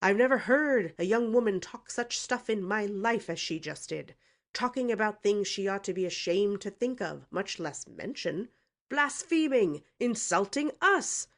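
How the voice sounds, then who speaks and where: Storybook role: a blustering old uncle, loud and huffy, put on by a woman narrator. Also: lowish voice, animated, normal speed, vocal fry. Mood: indignant. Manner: snorting, loud, indignant.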